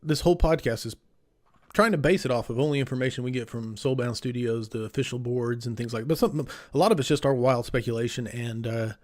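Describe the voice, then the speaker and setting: A man co-hosting a casual gaming podcast, with a voice of middling pitch. He explains things at length and rambles, filling his talk with ums and restarts. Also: fairly quick, a little mellow. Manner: rambling explanations, many fillers. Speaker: podcast co-host.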